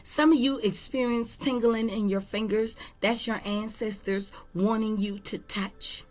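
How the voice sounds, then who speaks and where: A woman giving a spiritual tarot reading, slow, emphatic and earnest. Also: on the high side, fairly even intonation, a little mellow. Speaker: tarot reader.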